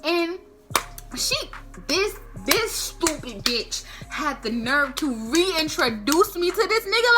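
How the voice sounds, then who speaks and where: A young woman vlogger, telling a slangy, animated storytime. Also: very high voice, slow, music in the background. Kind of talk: storytime vlog.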